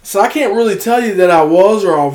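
Rambling, profane storyteller man, slightly high. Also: fast, a little mellow. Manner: rambling anecdote teller, quoting others, swears freely. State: gets heated and shouts when indignant. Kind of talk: casual storytelling chat.

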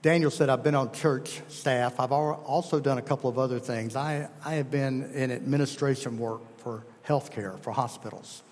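Middle-aged male preacher, earnest storyteller, raspy, lingering hall reverb. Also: medium pitch, moderate pace, few pauses, a little mellow. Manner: earnest storytelling, emphatic, self-correcting. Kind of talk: sermon.

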